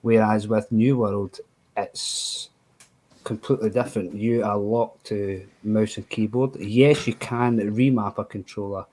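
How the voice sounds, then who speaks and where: A man's voice: lowish voice, fairly even intonation, a little slow, a little mellow, low-quality recording. A man talking as a panelist on a casual podcast, rambling with many fillers and restarts. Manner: rambling, with frequent "you know" fillers.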